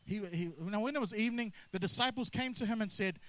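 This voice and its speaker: A man preaching a sermon, energetic and drawing responses from the congregation. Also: sits high, fast talker, rough recording. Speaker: pastor.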